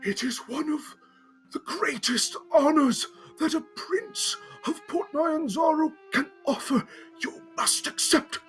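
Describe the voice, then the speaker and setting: A man's voice: very high voice, normal speed, fairly bright tone, soft background music, pitched above the performer's own voice. A man doing a breathless nervous servant. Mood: anxious. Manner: stage whisper, breathless.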